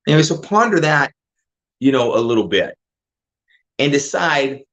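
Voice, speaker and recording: An older man giving a casual motivational talk as a fitness and home business coach, energetic and driving his points home with rhetorical questions. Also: mid-range voice, normal speed. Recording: dull lo-fi audio.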